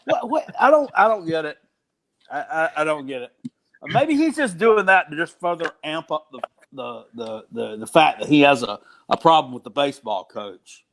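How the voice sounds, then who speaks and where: A middle-aged man talks sports in a loose, halting way, stumbling over restarts before surging into excited outbursts. His voice sits a little higher than most men's. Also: vocal fry. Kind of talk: casual sports chat.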